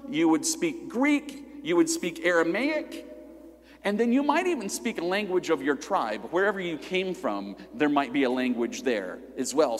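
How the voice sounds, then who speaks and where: A man preaching a sermon in a lively, conversational way, asking listeners questions as he teaches. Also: fairly high pitch. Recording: long hall reverb.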